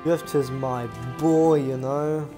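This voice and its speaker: A man's voice: fairly high pitch, steady tone, takes it slowly, over music. A young man casually commenting on his gameplay as a gaming YouTuber, chatty and swearing now and then. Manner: chatty, swears, jokey asides.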